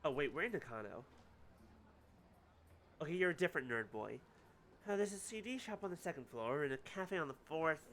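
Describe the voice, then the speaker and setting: Brief: sarcastic male streamer, high voice, loose casual commentary. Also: expressive, brisk, pauses often, fairly bright tone, slight background noise. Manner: wry, sarcastic, swears freely. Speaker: game streamer. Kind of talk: casual let's-play commentary.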